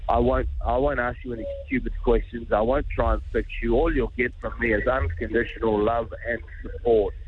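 A man's voice: mid-range voice, fairly even intonation, brisk, phone-quality sound, background noise. A middle-aged man, a charity founder speaking earnestly and informally as a radio guest. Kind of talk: radio interview.

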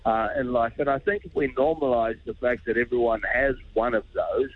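A man's voice: mid-range voice, moderate pace, dry recording, narrow, tinny audio. A middle-aged man, a charity founder speaking earnestly and informally as a radio guest. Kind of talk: radio interview.

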